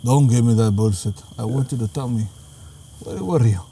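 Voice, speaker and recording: Young guy on a podcast, cussing, acting out quotes, mellow voice. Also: mid-range voice, moderate pace, a little hiss or hum. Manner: profane, animated storytelling with acted-out quotes. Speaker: podcast co-host. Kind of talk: casual comedic chat.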